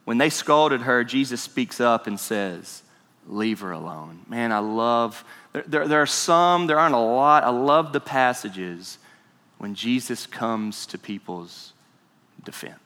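A man's voice: medium pitch, unhurried, pushed and bright, in a large hall. A man preaching a conversational sermon as pastor, asking the congregation questions.

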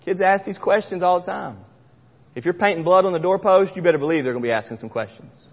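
A middle-aged man preaching a sermon, passionate, swinging between loud and hushed near-whispers. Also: high voice, fast talker, breathy edge. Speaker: pastor. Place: church sanctuary. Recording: dull sound with long hall reverb.

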